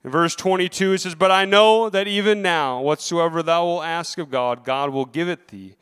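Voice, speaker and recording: A man's voice: a little high, moderate pace, a bit bright, clear, resonant tone, big-room sound. A man preaching a sermon, reading scripture aloud and then speaking earnestly, repeating key lines.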